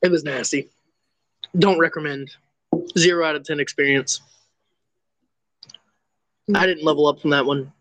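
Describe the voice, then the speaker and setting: A young man hosting a podcast, telling crude stories in an animated way and swearing freely. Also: a little high, normal speed, long pauses. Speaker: podcast host. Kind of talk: casual storytelling chat.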